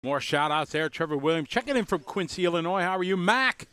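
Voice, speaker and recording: A man's voice: high-pitched, expressive, brisk, bright, forceful tone, smooth, no echo. A man commentating a radio-controlled car race in a loose, chatty way, greeting viewers by name. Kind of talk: casual live race commentary.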